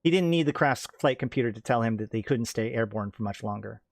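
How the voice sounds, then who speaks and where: Brief: male narrator, mid-pitched, steady read of space fiction, dry close sound. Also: fast talker, vocal fry, dry recording. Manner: steady reading with occasional self-corrections. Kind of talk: reading sci-fi fiction aloud.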